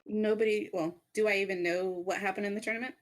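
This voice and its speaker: A woman's voice: mid-range voice, fairly even intonation, quick pace. A woman speaking as a player in a tabletop game, blunt and direct. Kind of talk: casual tabletop role-play.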